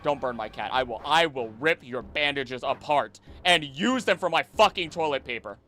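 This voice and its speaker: Young man, game streamer, casual commentary, lively pitch, bright tone, faint background music. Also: moderate pace. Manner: chatty and animated, with sudden loud outbursts. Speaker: streamer playing a video game.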